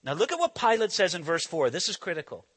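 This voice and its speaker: A man preaching an expository sermon, animated and emphatic, asking the listeners questions. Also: high voice, fast, breathy edge. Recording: long hall reverb.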